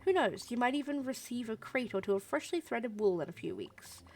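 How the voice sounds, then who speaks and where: A woman's voice: a little high, animated, brisk, slight background noise, pitched above the performer's own voice, close to an everyday voice. A woman voicing an elegant widow in a video game, gracious on the surface and sarcastic underneath. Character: elegant widowed woman, sweetly cutting and proud.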